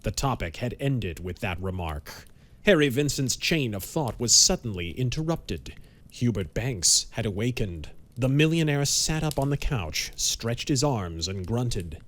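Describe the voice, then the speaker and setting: A man giving measured, dramatic narration of a pulp audiobook. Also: mid-range voice, sing-song, fairly bright tone.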